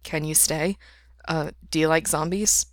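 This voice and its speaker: Subdued sick young man voiced by a woman, low and soft, dry reading. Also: steady tone, unhurried, dry recording. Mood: weary.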